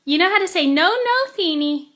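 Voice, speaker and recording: A mother patiently coaxing her toddler to repeat words, saying each one slowly and clearly at home. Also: very high-pitched, lively intonation, a bit bright, slight background noise. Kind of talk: coaching a toddler to speak at home.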